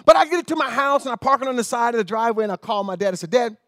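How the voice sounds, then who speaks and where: Man, preacher, very high voice, animated rambling storytelling sermon, dry close sound. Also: rapid-fire, no room sound.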